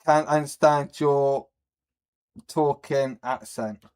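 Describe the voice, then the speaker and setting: A man's voice: mid-range voice, fairly even intonation, takes it slowly, darkish tone, clear, resonant tone. A British man chatting casually on a live stream, rambling, answering chat and swearing offhand with lots of ums and uhs. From Britain.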